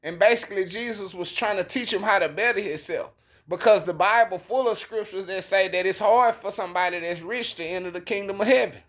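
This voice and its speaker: A Bible teacher with a high, slightly bright voice, speaking a little fast, delivers a casual preaching monologue. He tells the Bible story in slangy, emphatic, conversational fashion.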